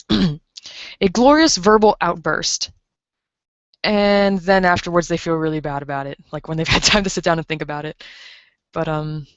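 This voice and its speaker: A young woman in her 20s livestreams casual chat, rambling with lots of fillers and reading the chat aloud. Her deep voice is smooth and brisk with fairly even intonation, captured on a dull lo-fi mic with no echo.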